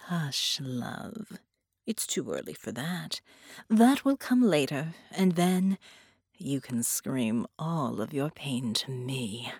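A woman voicing a possessive female shapeshifter, talking in low, sultry, half-whispered tones with slow, menacing tenderness. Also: sing-song, darkish tone, slightly rough, dry recording, clean studio sound, full character voice. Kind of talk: audiobook character voice.

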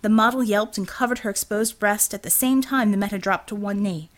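A woman reading an action novel aloud as audiobook narrator, steady and expressive. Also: mid-range voice, fairly quick. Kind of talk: scripted narration.

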